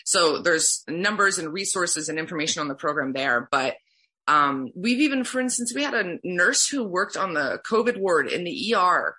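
Low husky woman therapist speaking earnestly. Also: animated, moderate pace, pushed and bright. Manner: earnest, heartfelt, filler-heavy. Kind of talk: conversational interview answers.

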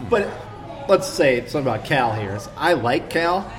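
A man hosting a sports podcast in a jokey, animated way, steering the conversation. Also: a little high, moderate pace. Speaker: podcast host. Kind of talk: casual sports chat.

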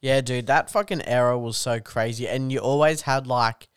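A young comedian chats in a laid-back way, swearing constantly and calling everyone dude. His voice is smooth and clear, at a middling pitch. The recording is close and dry. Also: normal speed, dry recording. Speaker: comedian guest. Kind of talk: casual chat.

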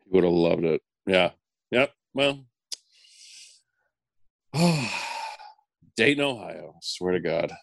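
Male guest, animated storyteller, lively intonation, dry studio sound. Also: deep voice, takes it slowly, creaky, pauses often, dry recording. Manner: laughing, lively anecdote teller. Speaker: podcast guest.

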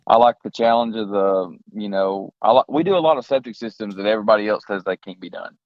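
A man from Georgia with a Southern accent, a guest talking shop in a relaxed, plain-spoken way on a podcast. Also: on the low side, fast, dry recording, highs cut off. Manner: plain-spoken, drawling, uses y'all. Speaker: guest, excavation contractor. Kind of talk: casual podcast chat.

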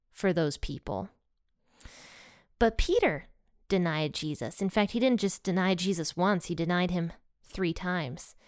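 A woman's voice: lowish voice, smooth, dry recording. Woman from Ohio, casual Bible study teacher, chatty storyteller, clean dry close-mic sound. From Ohio, USA.

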